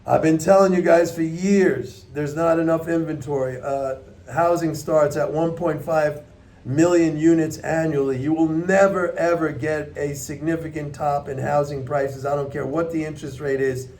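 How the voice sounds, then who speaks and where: A man's voice: a little high, steady tone, normal speed, darkish tone. A man giving blunt, emphatic, unscripted market commentary to his viewers, often repeating points for stress. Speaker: economics commentator.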